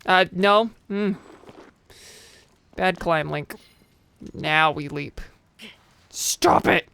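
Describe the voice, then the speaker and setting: Game streamer, casual gameplay commentary, chatty and self-mocking, playful, bright tone, crisp voice. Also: mid-range voice, drawn-out words.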